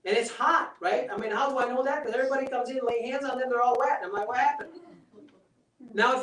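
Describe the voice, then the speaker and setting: A man's voice: very high voice, bright, forceful tone, slight background noise. Chatty male seminar speaker, distant and roomy. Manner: chatty, persuasive, asks "right?" often. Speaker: holistic health practitioner giving a seminar. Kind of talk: live seminar talk with demonstration. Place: seminar room. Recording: roomy sound from a distant mic.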